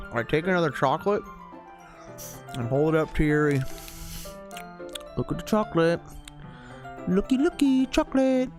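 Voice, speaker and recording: A man reading a visual novel aloud from a recliner in his living room, making casual, joking asides, with a mic close beside him. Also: a little high. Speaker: gameplay video host. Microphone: mic right next to him.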